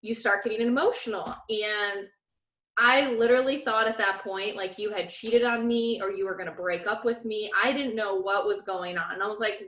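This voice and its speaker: In a roomy-sounding recording, a woman with a medium-pitched voice talks fairly quickly. She's a podcast co-host spinning a story in easygoing conversation, animatedly acting out what people said.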